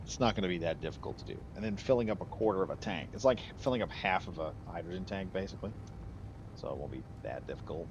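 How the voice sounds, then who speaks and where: A man's voice: low voice, fast, highs cut off, noisy background. A man streaming a game, chatting casually and rambling off on tangents with frequent laughs. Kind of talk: casual live gameplay commentary.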